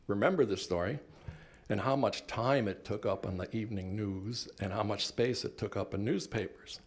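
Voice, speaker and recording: An older man born in Cuba, a professor giving an earnest, reflective talk about his life and work, with touches of wry humor. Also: fairly low pitch. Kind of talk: personal reflective lecture.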